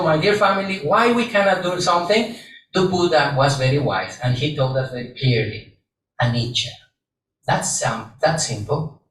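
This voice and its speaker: Monk with playful questions in an echoey hall. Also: male voice, fairly high pitch, fairly bright tone, recorded from a distance, slight background noise. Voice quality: playful questioning, laughs often, non-native English phrasing. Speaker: monk giving a dharma talk. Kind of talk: sermon. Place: hall with an audience.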